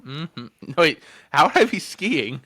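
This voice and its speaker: A man in his twenties tells a story on his casual podcast, his pitch jumping around animatedly and his tone bright and forceful. He swears constantly and breaks into laughter between sentences, filling gaps with ums. The voice sits a little higher than most men's. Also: big pitch swings, takes it slowly. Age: 20s. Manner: profane, laughs often, lots of fillers. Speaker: podcast co-host.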